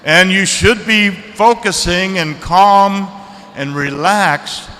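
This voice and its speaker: Lively man lecturing in a reverberant hall. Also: high voice, slow pace. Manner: lively, asks the audience questions, acts out reactions. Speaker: seminar speaker. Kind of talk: seminar lecture to students.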